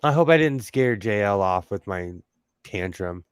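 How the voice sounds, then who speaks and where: A man with a Southern California accent hosting a casual sewing livestream, talking in a chatty, animated way. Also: on the low side, a little slow, clean tone, no echo, studio quality. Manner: chatty, animated storytelling with laughs.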